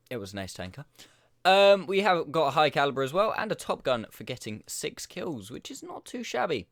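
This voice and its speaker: Lively man commentating gameplay. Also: mid-range voice, a little fast, no room sound, studio quality. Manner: chatty, upbeat and self-mocking. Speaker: gaming YouTuber.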